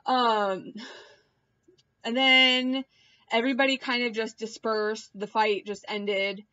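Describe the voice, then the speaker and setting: A young woman recapping reality-show drama in a casual, animated way, mimicking people in high voices and swearing offhand; she is pregnant and queasy. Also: takes it slowly, no room sound. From Puerto Rican and Cuban heritage. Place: hot room at home. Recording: dull, dry home recording.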